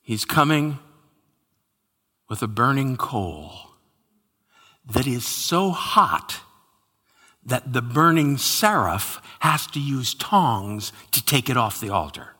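A man preaching a sermon with dramatic swings between loud exclamations and hushed whispers, in a large church hall. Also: medium pitch, very animated, takes it slowly, pauses often, breathy edge. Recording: hall reverb.

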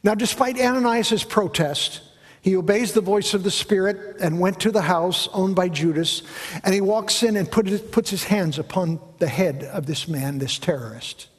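A man's voice: high voice, normal speed, slightly rough. A man preaching a sermon, telling a story and asking the congregation questions along the way. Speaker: pastor. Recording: echoey hall.

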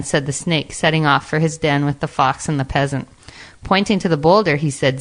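Woman, narrator, fairy tale, slightly low pitch, even reading. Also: normal speed. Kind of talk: storybook reading aloud.

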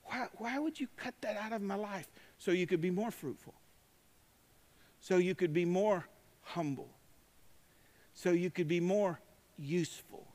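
A man preaching a sermon, emphatic and swinging between loud declarations and quiet asides. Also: high voice, measured pace, long pauses. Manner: emphatic, rising to shouts, drawling asides. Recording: long hall reverb.

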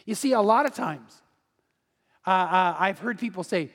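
High-voiced pastor preaching in a hall. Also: male voice, normal speed, a bit bright. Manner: conversational preaching with acted-out quotes and stories. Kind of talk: sermon. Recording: long hall reverb.

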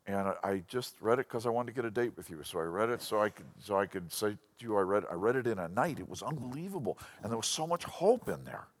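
A man with a lowish voice preaching a Bible lesson to a congregation. He tells stories with animation, circling back and repeating himself as he builds his point. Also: fast talker, few pauses. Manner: animated, storytelling with frequent restarts. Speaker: Bible teacher. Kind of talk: sermon-style Bible lesson.

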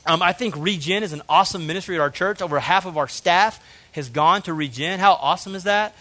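A pastor in his thirties preaches a sermon in a high, brisk voice with a sharp tone. He tells a personal story earnestly and emotionally, often saying "man."

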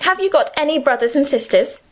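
A woman's voice: high voice, animated, fairly quick, voice pushed up. A woman voicing a pushy, prying schoolgirl. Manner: persistent, pressing questions. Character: blunt, prying, unfeeling teenage schoolgirl.

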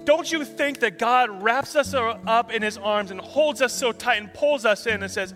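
Pastor preaching over soft guitar. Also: male voice, very high-pitched, moderate pace, hardly any pauses, in a large hall. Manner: storytelling, dropping soft for quoted tender lines and rising loud in pleas. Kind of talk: sermon.

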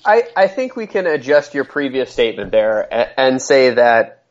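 A man's voice: medium pitch, very animated, normal speed, highs cut off. A man co-hosting a podcast in casual political chat, dry and teasing, correcting his co-host.

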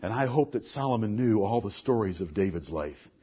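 A middle-aged man preaching a sermon, earnest, moving between soft asides and forceful lines. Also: fairly low pitch, expressive, fairly quick, breathy edge, highs cut off.

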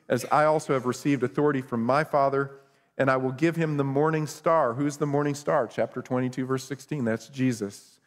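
A man's voice: medium pitch, in a large hall. A middle-aged male pastor preaching a conversational sermon with self-deprecating humor.

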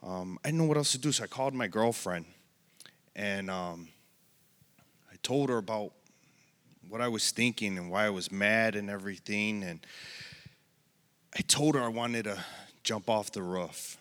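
A man with a lowish voice tells his personal story in church, earnest and emotional, halting now and then. His voice rings with a long reverb in a large hall. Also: fairly bright tone. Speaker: church member giving testimony. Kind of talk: personal testimony.

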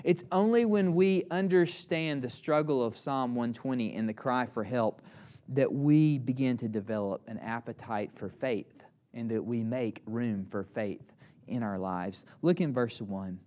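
A male pastor preaching a sermon with earnest, emphatic phrasing, slowing down on key lines and dropping to a hushed voice for asides. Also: mid-range voice.

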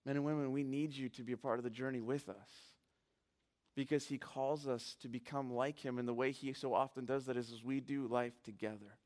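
A man's voice: mid-range voice, brisk. A male pastor preaching a sermon in a church, telling stories with animation and putting earnest, direct questions to the congregation. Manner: animated storytelling, rising to near shouting at emotional peaks. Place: church sanctuary.

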